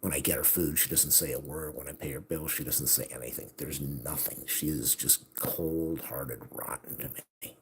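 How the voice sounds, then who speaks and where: Very deep-voiced man venting bitterly. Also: fairly even intonation, normal speed, few pauses, slight background noise. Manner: agitated, bitter, swings from hushed to near-shouting. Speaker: vlogger. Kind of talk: venting monologue.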